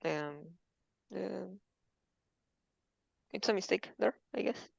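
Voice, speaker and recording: A woman's voice: mid-range voice, slow pace, creaky, darkish tone, no room sound, muffled recording. A woman student reading textbook passages aloud in an English lesson, carefully and with hesitant fillers.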